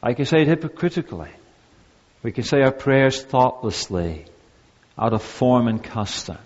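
A man's voice: mid-range voice, very animated, moderate pace, darkish tone. Man preaching in a reverberant church. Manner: earnest, repetitive preaching cadence with shifting emphasis. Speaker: pastor. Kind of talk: sermon. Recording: dull, echoey church recording.

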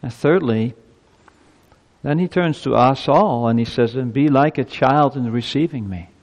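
A man's voice: mid-range voice, measured pace, darkish tone. A male pastor giving a sermon in a church, earnest and emphatic, his voice climbing as he presses his points. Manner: earnest, emphatic preaching with rising intensity. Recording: long reverb of a church hall.

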